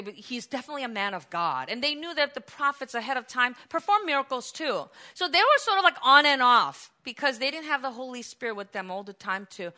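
A woman with a voice on the high side preaches a sermon, telling the story with animated energy. She acts out the voices in it and now and then breaks into shouts.

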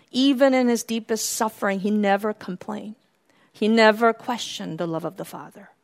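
A woman preaching a sermon, swinging from hushed near-whispers to fervent, raised passages. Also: medium pitch, moderate pace, gravelly.

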